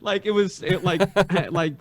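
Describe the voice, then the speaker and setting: A middle-aged man, a radio host and podcast guest, telling rambling stories in a halting way and laughing through them. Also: sits high. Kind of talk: casual anecdote telling.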